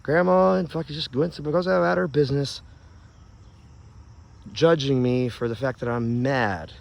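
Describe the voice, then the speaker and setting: A man's voice: mid-range voice, steady tone, moderate pace, vocal fry. A man ranting angrily and profanely into his phone camera while outdoors in his yard, stoned and rambling. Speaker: vlogger.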